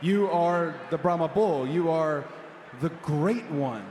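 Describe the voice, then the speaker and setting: A high-pitched male wrestler needles his rival with mocking sarcasm and sudden shouts. His voice rings through a huge arena with long reverb, with a faint crowd beneath it. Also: slow, slight background noise. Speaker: pro wrestler cutting a promo. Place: large arena.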